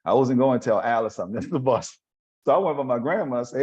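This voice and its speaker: A man hosting a podcast, telling heartfelt stories about his grandmothers, laughing often and turning soft and emotional. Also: medium pitch, lively intonation, fast. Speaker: podcast host. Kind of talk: heartfelt personal storytelling. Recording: slightly dull lo-fi sound.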